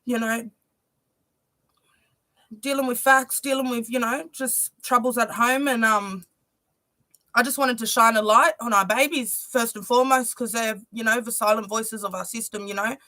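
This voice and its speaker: Woman, young adult, fairly high voice, earnest, heartfelt livestream talk, lots of "you know". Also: steady tone, normal speed, bright, forceful tone, no echo. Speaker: musician presenting her music video premiere.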